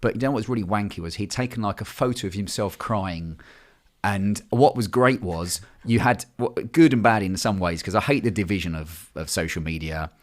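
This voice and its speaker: A man in his thirties talks bluntly in a relaxed podcast chat. His voice sits slightly low, and he swears freely as he tells stories with animation. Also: normal speed. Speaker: men's coach, podcast guest. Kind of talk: casual podcast conversation.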